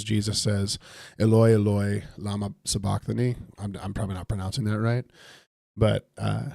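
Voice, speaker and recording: A man's voice: on the low side, gravelly, a little mellow, no room sound. A man casually leading a Bible study on a live stream while he plays a game, reading scripture aloud and musing over it in a conversational way.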